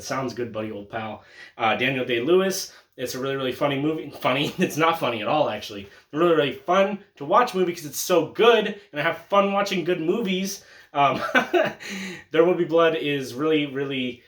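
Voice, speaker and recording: Joking, excitable young man, echoey room. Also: on the high side. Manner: jokey, swears freely, laughs often, swings to loud excited bursts. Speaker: collector showing his Blu-ray haul. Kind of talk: casual chat vlog.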